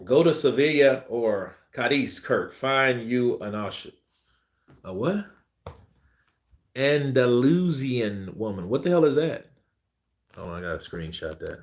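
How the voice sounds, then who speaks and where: A man's voice: mid-range voice, animated, slow pace, long pauses. A man hosting a boxing live stream, reading viewer comments in a loose, joking way and laughing often. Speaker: boxing channel host. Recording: roomy echo.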